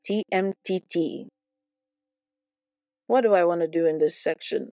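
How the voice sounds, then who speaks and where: A woman's voice: on the low side, measured pace, mellow, no room sound. A woman teaching a Bible lesson as playful, theatrical storytelling, often repeating words for effect.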